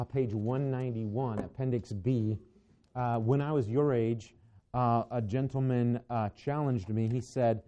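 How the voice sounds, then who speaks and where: A man's voice: mid-range voice, warm tone, muffled recording. A man teaching a Bible lesson to a class in a conversational, digressive way, with asides to his students.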